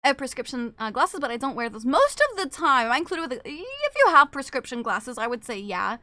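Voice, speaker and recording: A woman's voice: high-pitched, big pitch swings, brisk, bright, forceful tone, no echo. A young woman streamer chatting casually with her viewers, laughing often and swearing freely.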